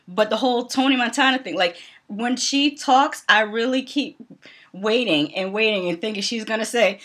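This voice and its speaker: A woman's voice: a little high, normal speed, a bit bright. Blunt, chatty young woman vlogger. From Northeastern US. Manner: blunt and opinionated, laughs often, many "um"s. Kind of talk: casual reality-TV commentary.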